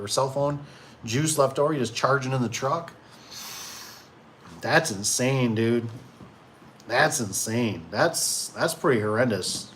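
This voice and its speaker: A man's voice: medium pitch, slight background noise. A young man telling a rambling story from his time in a trades business, interrupting himself often and raising his voice when he quotes people, then reading comments from a live stream. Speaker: garage door business owner and stream host.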